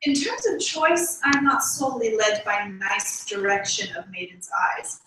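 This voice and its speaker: Brief: woman reading a measured young noble lady, bright, echoey distant room. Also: medium pitch, expressive, slight background noise. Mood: formal. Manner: measured, formal. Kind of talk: live read-aloud of a play.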